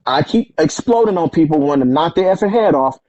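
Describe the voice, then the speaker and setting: A man in relaxed conversation telling stories from his life, acting out what others said, with street slang. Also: fairly high pitch, fast, no echo, muffled recording. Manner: animated, acts out quoted voices, street slang. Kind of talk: casual storytelling conversation.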